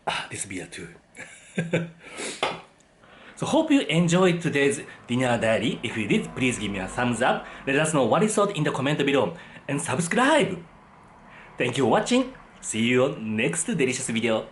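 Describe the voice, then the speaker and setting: Here a male food vlogger gives easygoing commentary as he samples dinner, humming appreciatively throughout. His medium-pitched voice is very animated and moves at a moderate pace, with a faint hiss or hum in the background.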